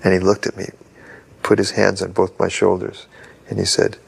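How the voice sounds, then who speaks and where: A man's voice: low voice, completely flat delivery, moderate pace, vocal fry, breathy edge. An older man in an interview, earnestly telling a story from memory. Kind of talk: reminiscing interview.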